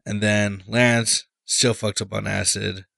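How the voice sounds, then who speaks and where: Low-voiced man, casual profane podcast chat. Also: flat delivery, slow pace, gravelly, fairly bright tone, dry recording, studio quality. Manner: loose and profane, retelling scenes with lots of fillers. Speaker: podcast co-host. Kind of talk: casual movie discussion.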